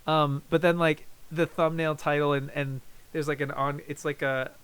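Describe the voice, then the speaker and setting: A man's voice: a little high, completely flat delivery, moderate pace, a bit bright, clean tone. A man hosting a casual review show, talking loosely with many fillers and restarts. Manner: rambling, lots of fillers and restarts. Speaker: host reviewing YouTube videos. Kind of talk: casual chat.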